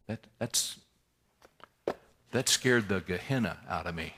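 A man's voice: deep voice, animated, takes it slowly, pushed and bright. A man preaching, telling a personal story candidly and conversationally, with wry humor.

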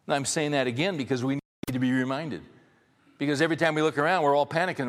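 A man's voice: fairly high pitch, fast, in a large hall. A man preaching a sermon to his congregation, emphatic and conversational, driving points home through repetition. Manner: emphatic, repeats key phrases for stress; conversational, addresses the congregation directly. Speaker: pastor.

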